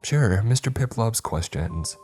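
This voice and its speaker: A man voicing a cheery but menacing clown spirit living in a closet, speaking in a high, sing-song tone. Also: expressive, a little slow, darkish tone, slightly rough, soft background music. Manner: high-pitched sing-song, refers to himself by name.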